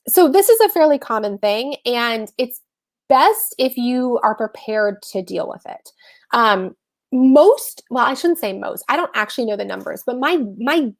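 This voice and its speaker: A woman with a slightly high voice and a gravelly, creaky texture, hosting a casual livestream explainer. She talks to her viewers in a chatty way, correcting herself as she goes and calling them y'all. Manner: chatty and self-correcting, addresses the audience as y'all. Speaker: host of a live personal-finance session.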